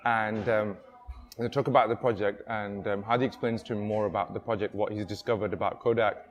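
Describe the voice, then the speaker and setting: A man's voice: on the low side, fairly even intonation, fairly quick. A man telling a story at a workshop in a casual, rambling way, full of ums and restarts. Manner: rambling, many fillers and restarts. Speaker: workshop speaker.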